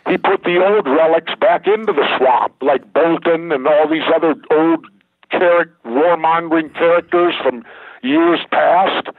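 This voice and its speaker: A man's voice: fairly high pitch, breathy edge, no echo. Blunt older man on a tinny line. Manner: blunt, emphatic storyteller. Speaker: guest, former governor. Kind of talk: candid interview talk. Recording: tinny phone line, dry.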